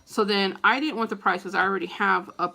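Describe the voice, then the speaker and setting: A middle-aged woman vlogger telling a story to camera in a casual, animated, profane way, with a gravelly voice. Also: medium pitch, fast talker.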